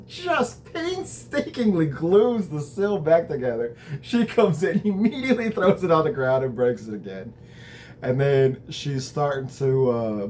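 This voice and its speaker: A man's voice: mid-range voice, a little mellow, slight background noise. A man hosting a show, casually recapping a TV episode in a conversational, reflective way, with the odd swear word.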